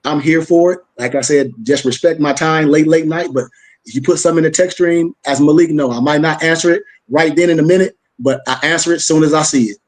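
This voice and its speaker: A man from Florida with a Gullah accent, teaching a spiritual class in a fast, rhythmic preaching cadence with casual slang. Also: on the high side. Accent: Gullah-influenced Southern US. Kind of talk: informal class discussion.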